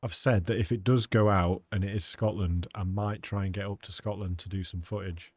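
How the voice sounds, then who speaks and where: Casual streamer, low-pitched and dry-sounding, chatting loosely with chat while he plays. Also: steady tone, a little fast, a little mellow, slightly rough, dry recording. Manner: chatty, rambling, talks to his chat. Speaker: game streamer. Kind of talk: live gameplay commentary.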